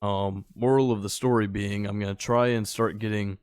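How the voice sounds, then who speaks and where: A man's voice: on the low side, steady tone, moderate pace, a little mellow, smooth, no room sound. A young man casually chatting and rambling while he plays, sometimes calling out to the animals in the game. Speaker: gaming channel host. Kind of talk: casual gameplay commentary.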